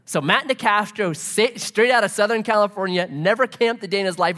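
A middle-aged man gives a sermon in a church hall, his voice pitched a little high and swinging widely up and down. He talks in a loose, conversational way, joking and telling stories as he preaches. A long reverb from the hall trails each phrase. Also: sing-song, a little fast, sharp tone. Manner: conversational preaching with humor and storytelling. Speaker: pastor.

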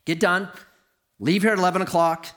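A middle-aged man telling a personal story in a lively, exaggerated way, swinging into loud disbelief. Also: high voice, a little fast.

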